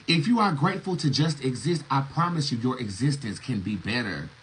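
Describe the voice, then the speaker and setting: A man giving a casual, profane preaching monologue as a tarot reader and spiritual teacher, emphatic and quick to laugh. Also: medium pitch, expressive, fairly bright tone, slight background noise, poor audio.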